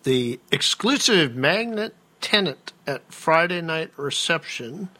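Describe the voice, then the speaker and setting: A man's voice: on the high side, lively intonation, takes it slowly, pushed and bright. A man co-hosting a casual chat, reading out event listings with playful, joking asides. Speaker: co-host.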